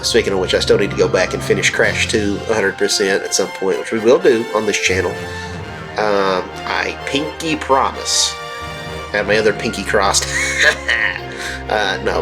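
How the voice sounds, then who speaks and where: A fairly low-voiced man talks casually over his gameplay, rambling from thought to thought and tossing in jokes. His speech is loose and full of fillers. Soft game music plays underneath. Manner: rambling and jokey, with frequent fillers. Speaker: let's play host. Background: faint game music.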